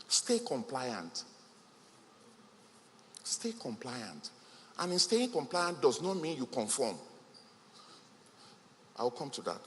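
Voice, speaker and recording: Man, speaker at a business event, fairly high voice, lively swinging pitch, emphatic and repetitive, long echo of a large hall, faint background ambience. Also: slight background noise. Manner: emphatic, repeats key phrases, laughs between points. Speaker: conference speaker. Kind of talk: motivational speech at a business event.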